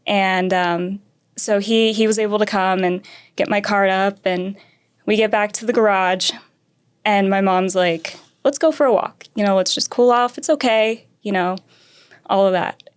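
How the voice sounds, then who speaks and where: Lively young woman telling a racing story. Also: medium pitch, clear, resonant tone. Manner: animated storyteller, acts out quotes, laughs often. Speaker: karting racer, podcast guest. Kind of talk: casual storytelling interview.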